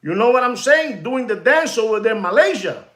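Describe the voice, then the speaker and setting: A man's voice: high voice, sing-song, brisk, a bit bright, reverberant. A man who deals in watches, speaking in an emphatic, repetitive vlog rant full of heckling. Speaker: watch dealer.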